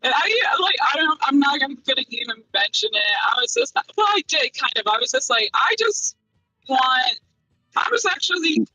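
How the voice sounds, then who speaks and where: Bright-voiced rambling young woman. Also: high-pitched, lively intonation, fast, hardly any pauses, dry recording, soft background music, rough recording. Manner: rambling, filler-heavy, giggly. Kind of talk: casual podcast chat.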